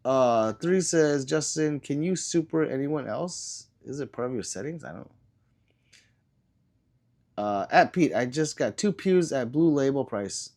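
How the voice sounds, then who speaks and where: Though under the weather and coughing occasionally, a man hosts an easygoing livestream where he reads chat messages out loud in turn. His medium-pitched voice rises and falls widely, unhurried. He rambles through trailing answers full of ums and uhs.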